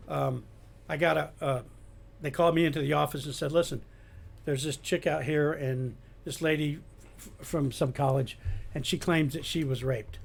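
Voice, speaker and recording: An older man, a retired police detective, telling animated anecdotes in a casual chat. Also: fairly high pitch, creaky. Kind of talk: casual storytelling.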